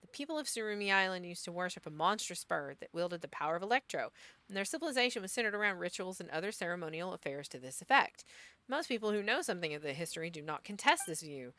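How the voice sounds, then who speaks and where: A woman voicing a forgetful, scholarly male adventurer, reading his lines in a measured, musing way. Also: fairly low pitch, expressive, bright, forceful tone.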